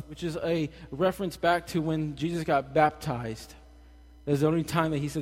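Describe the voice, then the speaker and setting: A young man preaching a casual, animated sermon with jokey asides, recorded in a church hall. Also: on the high side, moderate pace. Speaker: pastor. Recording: long hall reverb.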